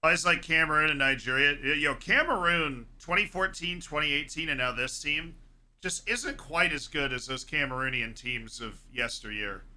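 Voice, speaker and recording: A young man with a very bright, forceful voice that sits a little high, chatting casually with his viewers during a live football match. He rambles between asides and bursts into excited yells at big moments. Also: normal speed. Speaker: streamer watching a live match. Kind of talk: casual live reaction commentary.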